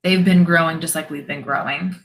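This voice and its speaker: Bright-voiced woman chatting on a live stream. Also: low voice, steady tone, fairly quick, slight background noise, poor audio. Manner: chatty, laughs often, reacts to chat comments. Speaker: host of a spiritual live stream. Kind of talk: casual live-stream Q&A, reading chat.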